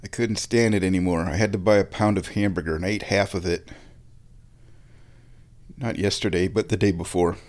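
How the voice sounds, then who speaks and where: This vlogger rambles from topic to topic while watching sport, chatting casually to viewers and thinking aloud as he hunts for words. His low voice is steady and a little mellow, brisk, with frequent pauses.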